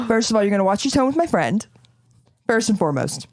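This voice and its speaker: A woman's voice: fairly high pitch, big pitch swings, brisk, no room sound, studio quality. A woman playing her character in a tabletop game, brash and teasing. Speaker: player. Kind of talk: in-character tabletop role-play.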